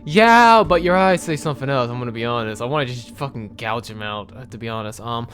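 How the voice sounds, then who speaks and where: A young man doing casual let's-play commentary, animated and rambling, swearing often as he talks. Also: medium pitch, quick pace, faint music behind. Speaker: gaming video creator.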